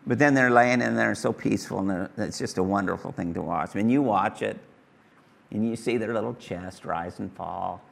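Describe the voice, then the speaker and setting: A man's voice: on the low side, fairly quick, creaky. A middle-aged man preaching a sermon to his congregation in a folksy, conversational way, repeating his phrases. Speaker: pastor. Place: church hall with congregation.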